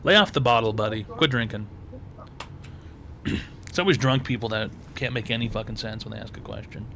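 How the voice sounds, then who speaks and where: A man's voice: on the low side, a little fast, vocal fry, noisy background. A man hosting a call-in advice show, blunt and crude, hammering points home by repeating himself.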